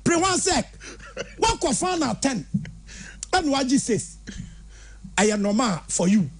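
High animated Ghanaian man. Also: slow, breathy edge. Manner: animated storytelling, switching between English and Twi. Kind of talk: casual radio chat.

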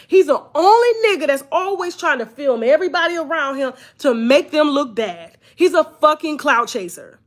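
A woman, hosting a blunt, profane, animated storytime commentary. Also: high voice, normal speed, hardly any pauses. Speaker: commentary channel host.

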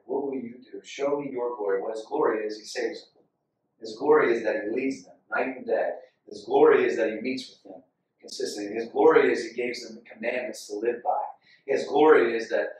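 A man preaching a sermon, impassioned and repetitive, rising loud when he reads scripture aloud. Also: medium pitch, a little fast. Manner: impassioned, repeats phrases, rises loud when reading scripture. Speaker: pastor. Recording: echoey hall, from far off.

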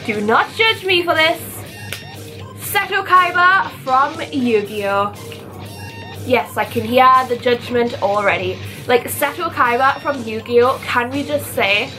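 A young woman with a fairly high voice gushes her way through a chatty vlog. She talks casually and excitedly, breaking into gasps and playful outrage. Soft music plays faintly underneath. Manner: gushing, animated fangirl talk with gasps and mock outrage. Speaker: vlogger.

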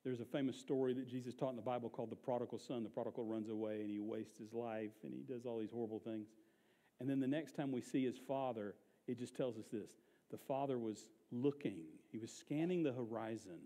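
A man's voice: mid-range voice, warm tone, long reverb tail. A man preaching an Easter sermon to a congregation, conversational and emphatic, often asking the room questions. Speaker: pastor. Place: church service.

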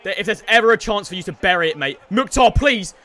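A man giving excited video game football commentary, pleading with his players, screaming at goals and then apologizing for the noise. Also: high voice, rapid-fire. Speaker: gaming YouTuber.

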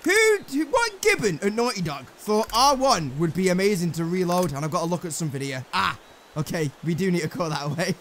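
Excitable English man commentating gameplay. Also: high voice, fairly quick, slight background noise. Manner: excitable, swearing, joking to himself. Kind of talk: let's play commentary. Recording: game music loud behind voice.

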